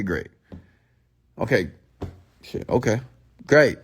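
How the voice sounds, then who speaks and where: A man's voice: fairly low pitch, lively intonation, a little slow, creaky, long pauses. A man giving a blunt, profane late-night motivational rant, mocking people in a raised voice as he quotes their excuses. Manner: mimics others in a raised voice. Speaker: motivational speaker.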